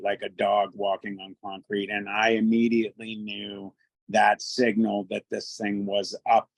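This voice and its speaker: A man casually telling a first-person encounter story in a halting way, often repeating his words. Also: on the low side, no echo, rough recording.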